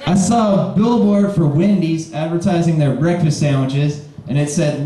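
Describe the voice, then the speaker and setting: A man in his twenties from Kentucky doing a live stand-up set with dry, deadpan one-liners and sarcastic pauses. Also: a little high. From Kentucky, USA. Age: 20s. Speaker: stand-up comedian. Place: bar pavilion on stage. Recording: very echoey live room.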